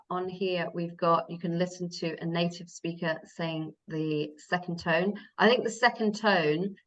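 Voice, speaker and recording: A woman's voice: fairly low pitch, fairly bright tone, muffled recording. A woman language teacher giving a live taster class, explaining patiently step by step with fillers.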